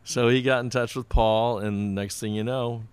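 A man's voice: mid-range voice, steady tone, moderate pace, a little mellow. A man, a music producer, telling rambling anecdotes in a casual chat, often breaking into laughter. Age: older.

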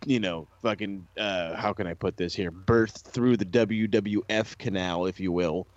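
A man rants animatedly and profanely about wrestling in a casual podcast chat. His voice sits a little low, and the recording is dry and somewhat dull and lo-fi. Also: measured pace, no room sound.

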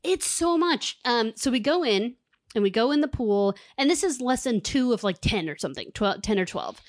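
Her voice sits on the high side as she co-hosts a podcast, animatedly storytelling in casual chat and performing the quoted lines. She keeps a moderate pace, with no room sound in the dry recording.

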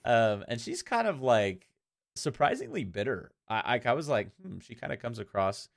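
A man co-hosting a casual fan podcast, talking in a rambling, animated way and laughing often. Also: mid-range voice, normal speed, gravelly. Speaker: podcast co-host.

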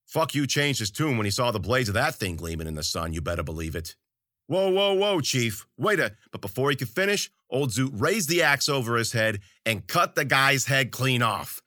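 A man's voice: medium pitch, sing-song, fairly quick, few pauses, pushed and bright, no echo, studio quality. A man narrating a story in first person, with wry, colloquial and profane delivery. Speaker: audiobook narrator.

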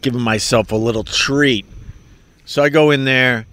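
A man's voice: medium pitch, fairly even intonation, moderate pace, fairly bright tone. Rambling, profane male podcast host. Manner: rambling, profane, self-mocking. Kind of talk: rambling solo monologue.

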